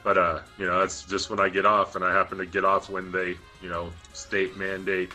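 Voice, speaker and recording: A man calling in by phone to a podcast, chatting in an easygoing, halting way. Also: sits low, monotone, pushed and bright, faint music behind, low-quality recording. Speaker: guest on the phone. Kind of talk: casual chat.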